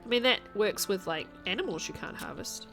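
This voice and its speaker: Woman streaming a game, chatty, thinking out loud, bit of music behind. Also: mid-range voice, lively intonation, fairly quick. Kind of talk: casual chat while playing a game.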